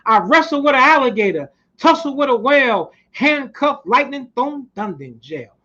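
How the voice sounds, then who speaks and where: A man puts on a cocky heavyweight boxer who taunts and brags in rhymes, pushed up into a high, ringing register. The sound is dull and lo-fi, with the top end muffled. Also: sing-song, moderate pace, sharp tone, full character voice. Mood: boastful. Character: boastful defiant male heavyweight boxer. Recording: muffled lo-fi recording.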